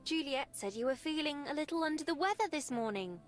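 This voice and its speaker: A woman voicing a cheerful, caring young woman who works at a cafe, speaking softly and gently. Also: high voice, animated, soft background music, pitched above the performer's own voice. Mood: gentle concern. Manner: soft, gentle and slow.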